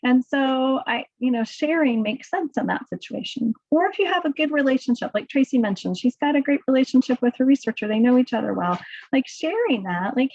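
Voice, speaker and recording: A woman giving a relaxed webinar talk on handling emotions, full of "like" and "right?". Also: sits high, fairly quick, no echo, dull audio. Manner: conversational, filler-heavy, says "right?" and "like" often. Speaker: presenter on coping with emotions in research.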